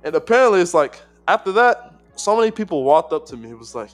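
A man's voice: high voice, sing-song, fast talker, soft background music. A man co-hosting a podcast in casual chat, rambling with lots of fillers, restarts and swearing. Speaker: podcast co-host.

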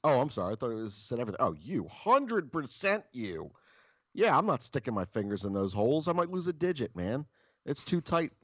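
A man's voice: medium pitch, sing-song, a little fast, slightly rough, no echo, dull audio. A man co-hosting a podcast, telling casual stories in a blunt, profane, joking way. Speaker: podcast co-host. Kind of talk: casual storytelling chat.

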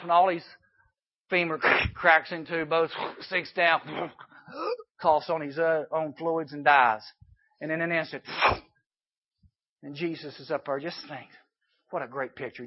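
A man preaching a sermon to youth campers, animated and emphatic, dropping suddenly to a hush. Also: a little high, measured pace, long pauses, highs cut off. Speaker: youth camp speaker.

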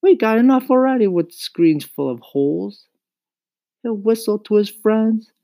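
Storybook mother, stout and skeptical, dry scolding tone, high and raised, a male narrator putting her on. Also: expressive, unhurried, gravelly, warm tone, heavily acted.

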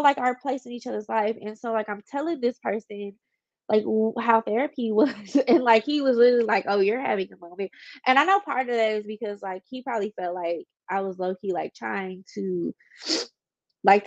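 A woman's voice: medium pitch, no room sound, muffled recording. A young woman hosting a podcast, stuffy from a cold, talking candidly and rambling with many "like"s. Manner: candid, rambling, heavy use of "like". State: congested, stuffy nose. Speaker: podcast host. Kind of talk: casual personal monologue.

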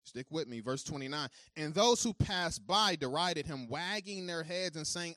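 A man preaching with a bright, forceful tone, his pitch a touch high as he swings from calm teaching into loud, fervent stretches. He talks casually and directly to his listeners. The mic is close and the sound is dry, with no room echo. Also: normal speed, few pauses. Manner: informal, talks straight to the congregation. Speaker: pastor. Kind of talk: sermon.

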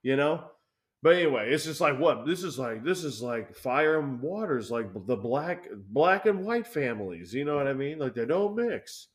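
A man's voice: medium pitch, sing-song, moderate pace. A profane, rambling young man. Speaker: podcast co-host. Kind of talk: casual chat.

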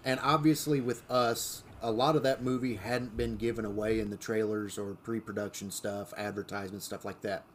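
A man's voice: on the low side, steady tone, normal speed, hardly any pauses, a little hiss or hum. A man co-hosting a casual podcast chat, telling stories with lots of fillers and restarts. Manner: storytelling, many fillers and restarts. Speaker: podcast co-host.

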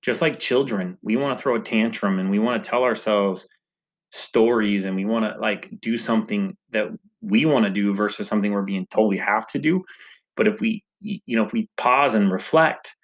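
A man's voice: on the low side, brisk. A man, a father who coaches salespeople, telling a personal story in a casual, conversational way, often tagging "right?" and "you know". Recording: dull lo-fi sound.

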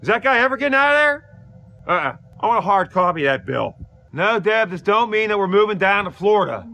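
A man's voice: sits high, very animated, fast talker, vocal fry, sharp tone, full character voice. A man doing a griping Pittsburgh dad. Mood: grumbling. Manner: complaining, nagging family, sarcastic. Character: gruff middle-aged Pittsburgh dad, grumbling. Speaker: comedy character. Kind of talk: comedic monologue clip.

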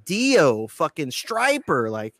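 Male guest, casual and profane, lively delivery with a slightly high voice, dry sound. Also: slow pace, dry recording. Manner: profane, animated storyteller acting out quotes. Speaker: guitarist guest. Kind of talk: casual storytelling interview.

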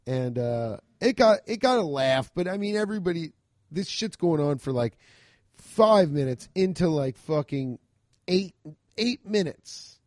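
A man, a stand-up comic, casually telling a profane story about a rough show, acting out both sides of the exchanges. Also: a little high, a little slow, dry recording, clean studio sound. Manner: profane, animated retelling with quoted exchanges. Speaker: stand-up comedian.

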